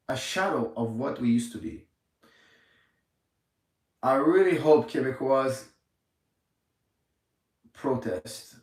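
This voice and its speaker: A man's voice: mid-range voice, darkish tone, recorded from a distance. A man in his forties giving an indignant, emphatic livestream rant from a gym, repeating his points. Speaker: gym owner. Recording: echoey room, off mic.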